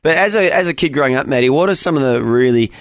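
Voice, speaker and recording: A man's voice: medium pitch, lively intonation, fast, no room sound. A man with an Australian accent hosting a morning radio show from the studio, teasing and easygoing. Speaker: radio host. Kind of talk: casual radio chat.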